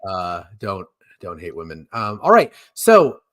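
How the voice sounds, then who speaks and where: Lively-voiced man hosting a movie chat. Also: low voice, a little slow. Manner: laughs a lot, hesitant with many ums. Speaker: podcast co-host. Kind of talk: casual movie ranking chat.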